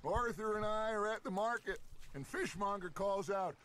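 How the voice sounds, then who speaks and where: An actor playing a charismatic male outlaw gang leader with a gravelly, theatrical way of talking. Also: sits high, normal speed, a bit bright, slight background noise. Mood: reminiscing.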